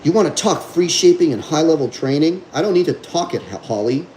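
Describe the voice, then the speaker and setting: A man's voice: a little high, animated, brisk, darkish tone, slight background noise, rough recording. A man hosting a livestream as a dog trainer, talking bluntly and combatively while reading viewer comments.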